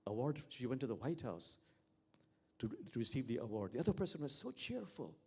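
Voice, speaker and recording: A man preaches as an imam, weaving stories into a reflective sermon. His voice sits at a mid pitch, and he often repeats key phrases. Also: darkish tone, slightly rough. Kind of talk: sermon with storytelling.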